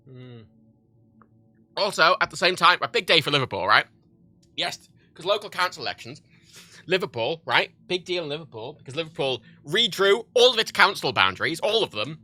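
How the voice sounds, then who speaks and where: A man streaming a game and chatting off the cuff, his voice bright and sharp with a lively, swooping pitch. He rambles from one thing to the next, swearing constantly. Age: 30s. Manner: profane, rambling, animated. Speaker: livestreamer. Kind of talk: casual livestream chat while gaming.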